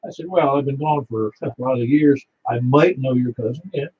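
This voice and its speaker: A man's voice: medium pitch, normal speed, breathy edge. A man running an amateur radio net, chatting and telling stories with an easy laugh. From Niagara Falls, New York. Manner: chatty, storytelling, laughs easily. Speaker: net control operator. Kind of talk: ham radio net chat. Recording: muffled lo-fi radio audio.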